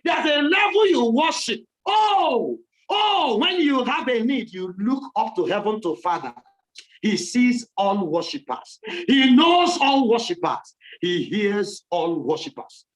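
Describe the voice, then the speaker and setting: A man with a Nigerian accent preaching a fervent sermon in church, often shouting in repeated rising phrases. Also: high-pitched, animated, unhurried, low-quality recording.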